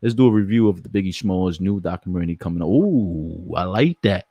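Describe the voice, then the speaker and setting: A man's voice: sits low, animated, fairly quick, dark tone, no room sound, muffled recording. A man, hosting a casual live stream, brash, profane and joking as he talks to his chat.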